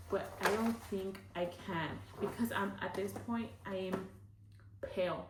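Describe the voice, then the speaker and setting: A young woman talks casually about her own life in a chatty way, with many fillers. She sits away from the mic, and her voice rings in an echoey room. Background noise is clearly heard. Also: medium pitch, fairly even intonation, unhurried, recorded from a distance. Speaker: vlogger. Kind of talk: casual storytelling.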